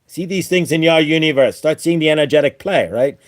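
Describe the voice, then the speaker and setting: A man's voice: fairly high pitch, fairly quick, no echo, pitched above the performer's own voice, close to an everyday voice. A man channeling a male ascended master spirit, giving a spiritual teaching in a preachy manner that ends almost every point with "right?". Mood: earnest teaching.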